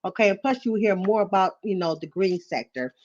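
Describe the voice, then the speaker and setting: A woman's voice: medium pitch, a little fast, a little mellow, highs cut off, slight background noise. A middle-aged woman hosting a livestream, chatting nervously and apologetically, with many ums and you-knows. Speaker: YouTube live-stream host. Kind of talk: casual livestream chat.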